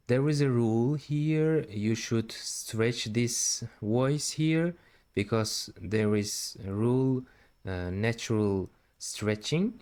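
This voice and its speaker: A man's voice: lowish voice, darkish tone. A man teaching Quran recitation step by step, patiently repeating syllables and drawing out the recited words. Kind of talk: step-by-step tajweed lesson.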